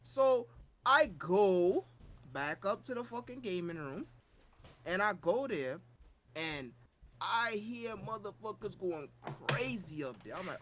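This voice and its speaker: A lively co-host telling a convention story with a swinging, expressive pitch. Profane and animated, the voice leaps from loud outbursts to low mutters mid-sentence. Pure casual chat among friends. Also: takes it slowly, a little hiss or hum. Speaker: podcast co-host.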